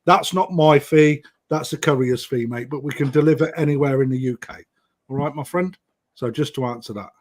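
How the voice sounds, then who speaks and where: A man's voice: medium pitch, brisk. A middle-aged British man hosting a live-streamed koi auction, chatting matily with viewers and calling out bids and time left. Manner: chatty, matey banter, calls bids and time.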